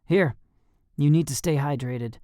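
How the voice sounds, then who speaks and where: A man's voice: fairly high pitch, a little slow, dark tone, no room sound, natural voice. A man voicing a confident young male combat trainer who coaches with dry teasing.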